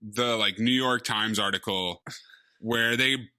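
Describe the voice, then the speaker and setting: Blunt man with a sharp bright voice. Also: lowish voice, takes it slowly, dry recording. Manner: blunt, gossipy jokes. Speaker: podcast co-host. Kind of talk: casual comedic movie commentary.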